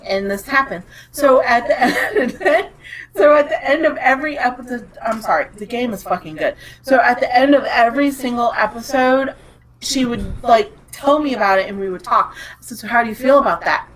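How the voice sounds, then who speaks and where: On a podcast with a low-quality recording, a woman in her thirties, a co-host, speaks at normal speed in a fairly high, expressive voice. She rambles through a story in a casual, chatty way, laughing along.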